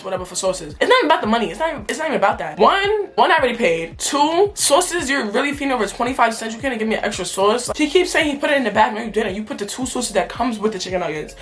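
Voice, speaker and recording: Fast-talking young woman telling a story. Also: a little high, fairly bright tone. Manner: emphatic, slangy, indignant retelling. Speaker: vlogger. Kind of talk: casual storytime.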